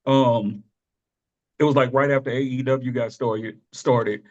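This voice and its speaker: A man's voice: medium pitch, unhurried. A man co-hosting a casual wrestling podcast, telling stories with lots of laughter and acting out the people he quotes. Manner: animated storytelling, quotes people in exaggerated voices, laughs often. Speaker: podcast co-host. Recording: dull lo-fi sound.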